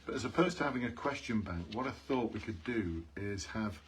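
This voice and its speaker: A man's voice: lowish voice, lively intonation, brisk, a little hiss or hum. A man coaching police job applicants on a live stream, earnest and repetitive, calling out to his viewers. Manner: earnest, repeats key points, calls out to viewers.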